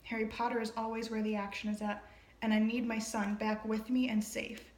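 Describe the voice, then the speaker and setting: A woman's voice: on the high side, level tone, a little fast, darkish tone, lightly acted. A woman reading aloud as a dry, cool grown wizard, in a plain voice. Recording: roomy echo.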